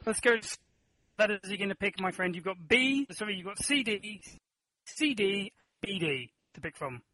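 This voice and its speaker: A man's voice: high-pitched, animated, moderate pace, sharp tone, no echo, low-quality recording. A man hosting an improv comedy game, upbeat and giving prompts game-show style. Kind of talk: casual comedy podcast chat.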